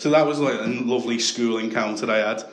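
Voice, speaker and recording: A young man with a Liverpool accent doing a stand-up set, telling stories deadpan and then shouting the punchlines. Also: medium pitch, quick pace, a little hiss or hum. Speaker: stand-up comedian. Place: comedy club stage with a laughing audience. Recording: echoey club with audience laughter.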